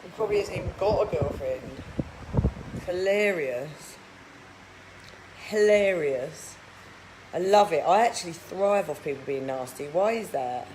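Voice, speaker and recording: A woman's voice: fairly low pitch, lively intonation, a little slow, long pauses, noisy background. Blunt, swearing woman on a live stream. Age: 30s. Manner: blunt, mocking, swears casually. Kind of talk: live video chat reading viewer comments.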